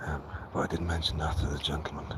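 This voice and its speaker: A man with an Irish accent hosting a casual live gardening walkthrough, soft-spoken and mumbly, often half-whispering to his plants and insects. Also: a bass voice, level tone, fast talker. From Ireland. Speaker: gardening livestream host. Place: outdoor vegetable garden. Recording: noisy outdoor livestream audio.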